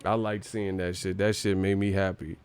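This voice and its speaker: This boxing-show host is a man with a low-pitched voice, talking at normal speed with a clean tone. He delivers casual, slangy sports commentary in an animated way, full of profanity and frequent laughter.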